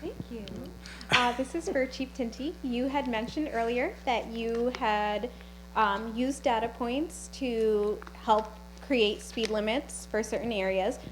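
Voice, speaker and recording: A woman from the audience asking the panel a prepared question in a measured way. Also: on the high side, noisy background. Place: library community event.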